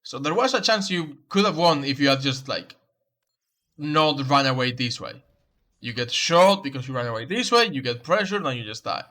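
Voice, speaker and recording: With lively intonation and a sharp tone, a man speaks at medium pitch and normal speed. He's a game coach giving commentary over a match replay, explaining tactics and repeating key advice to a player.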